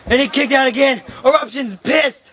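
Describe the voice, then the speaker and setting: Male wrestling commentator, hyped play-by-play, lots of shouted exclamations, high and sharp. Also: moderate pace.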